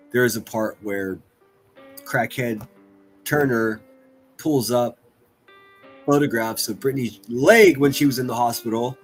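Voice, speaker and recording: A man hosting a stream, ranting crudely and mocking people in exasperated bursts. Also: mid-range voice. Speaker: streamer host.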